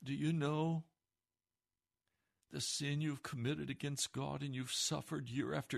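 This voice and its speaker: A man preaching a sermon, moving from hushed, slow phrases to impassioned pleading. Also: fairly high pitch, flat delivery, vocal fry.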